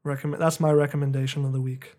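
Young man, co-host, a bit stuffed up from a cold, loose rambling chatter, average pitch. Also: flat delivery, rapid-fire. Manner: rambling storyteller, heavy use of "like". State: getting over a cold. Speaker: podcast co-host. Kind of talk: casual chat.

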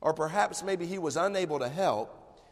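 A pastor delivers his sermon in a fairly high-pitched male voice, chatty and storytelling, pausing now and then to clear his throat. His words ring out with the long reverb of a church hall. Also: lively intonation. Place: church sanctuary.

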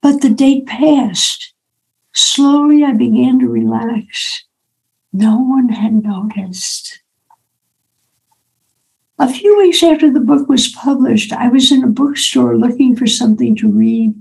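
A woman's voice: sits high, normal speed, creaky, a little mellow, poor audio. An older woman, an author, telling a personal story and acting out the dialogue in it. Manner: personal, anecdotal, acts out quoted dialogue. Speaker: author and speaker. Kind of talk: storytelling talk.

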